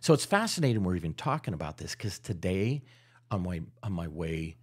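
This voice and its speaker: A man's voice: sits low, brisk, husky. A middle-aged man from Utah, talking as a guest in a casual podcast conversation and acting out the people in his stories. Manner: animated storyteller who acts out voices. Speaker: real estate guest.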